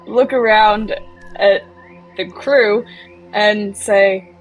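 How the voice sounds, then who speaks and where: Slow-talking woman playing a tabletop game. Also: a little high, slightly rough, faint music behind, poor audio. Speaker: player. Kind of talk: tabletop role-play chat.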